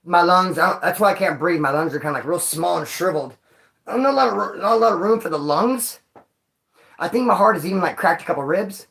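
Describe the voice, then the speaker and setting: A man's voice: high-pitched, fast talker, gravelly, a bit bright. A man talks straight to his viewers in a loose, rambling storytelling vlog. He leans on street slang, calls everyone homeboy and dog, and keeps cracking jokes as he goes. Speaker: vlogger telling prison stories.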